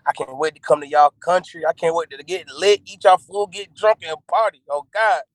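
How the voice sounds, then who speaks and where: A man from North Carolina, talking excitedly and gratefully as a guest while calling in from a moving car. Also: on the high side, moderate pace, dry recording, low-quality recording. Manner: grateful, excitable, laughing often. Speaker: rapper, guest. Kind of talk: casual interview.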